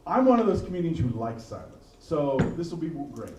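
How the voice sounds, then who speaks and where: A man's voice: fairly high pitch, big pitch swings, brisk. A man headlining a stand-up comedy show, bantering with the audience in a dry, self-deprecating way. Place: comedy venue with live audience. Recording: echoey room, distant mic, background noise.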